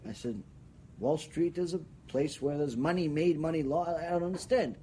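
A man's voice: a little high, normal speed, dark tone, husky. A man giving a Torah ethics lecture as a rabbi, emphatic and argumentative, firing off rhetorical questions.

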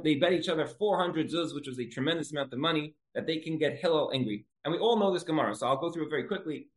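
A man teaching a Torah lesson in a conversational storytelling style, repeating key phrases for emphasis. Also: fairly high pitch. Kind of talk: religious lecture with storytelling.

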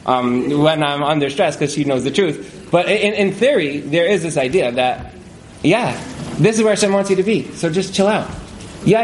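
A man telling stories to a live audience in a casual, chuckling way, filling his talk with fillers. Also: fairly high pitch. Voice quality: frequent fillers and chuckles, conversational. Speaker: speaker at a community event. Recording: echoey room, faint background noise.

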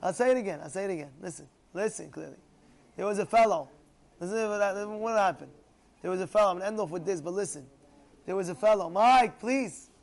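A high-pitched man teaches a religious class. He tells his story emphatically and repeats key phrases to drive them home. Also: quick pace, creaky. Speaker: Torah teacher.

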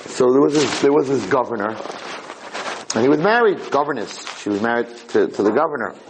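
A man giving a Torah lecture, telling lively personal stories and acting out the dialogue, with frequent "right?" asides. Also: mid-range voice, brisk, background noise. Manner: animated storyteller, acts out dialogue, frequent "right?".

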